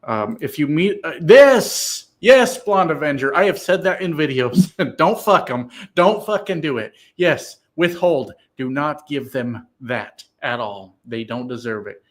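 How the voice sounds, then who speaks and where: A man hosting a casual political livestream, reading viewers' comments aloud and answering them in a profane, emphatic way that turns loud and excited. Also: a little high, unhurried, hardly any pauses.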